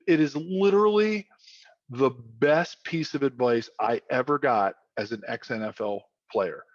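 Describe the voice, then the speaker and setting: Guest: Philly-accented man in his 50s, lively storyteller, lo-fi dry sound. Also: medium pitch, no echo. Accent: Philadelphia. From South Philadelphia. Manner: animated storyteller, frequent restarts and repetitions. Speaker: guest, former football player. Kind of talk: casual chat.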